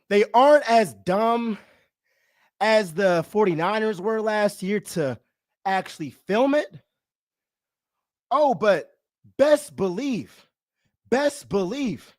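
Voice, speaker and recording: Young man, high-pitched fan streamer, excitable trash talk, dry close mic. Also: no room sound. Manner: excitable, chanting and singing, trash-talking. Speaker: sports reaction streamer. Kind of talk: hyped fan reaction commentary.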